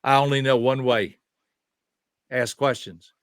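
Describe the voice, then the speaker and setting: This man in his seventies is a behavior specialist who teaches conversationally, stressing his points and posing rhetorical questions. His medium-pitched voice holds a steady tone at a measured pace, captured as a dry, clean studio recording.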